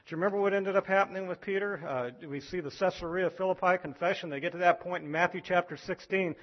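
A man preaching a sermon as pastor, animated, acting out voices from scripture. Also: fast, lo-fi sound. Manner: animated, acts out biblical voices with rising pitch.

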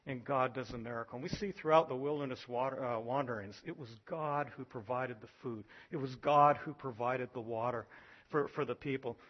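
A man preaching a sermon as pastor, animated, acting out voices from scripture. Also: fairly quick, highs cut off. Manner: animated, acts out biblical voices with rising pitch.

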